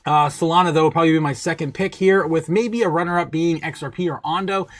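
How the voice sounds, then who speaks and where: A man hosting a market livestream, excitable and quick to laugh, reading viewer chat aloud. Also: on the high side, dry recording, soft background music. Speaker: host.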